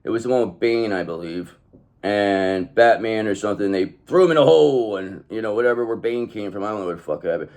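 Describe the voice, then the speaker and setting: A man's voice: on the low side, brisk, darkish tone. A man doing a casual tarot reading, talking straight to the viewer in a swaggering, emphatic way, swearing often and ending lines with "okay?". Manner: swaggering, emphatic, profane, keeps tagging "okay?". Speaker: tarot reader.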